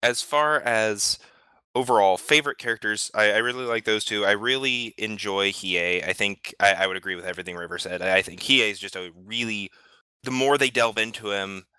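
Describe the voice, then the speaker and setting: A man's voice: fairly low pitch, fairly quick, sharp tone, smooth, no room sound. A man talking casually as a podcast participant, often repeating words as he starts a thought. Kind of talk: casual chat.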